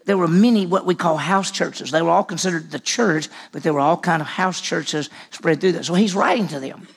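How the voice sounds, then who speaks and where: A man, a senior pastor, preaching a conversational sermon, quizzing the congregation and dropping to a hush on key lines. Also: on the high side, brisk, gravelly, slightly rough.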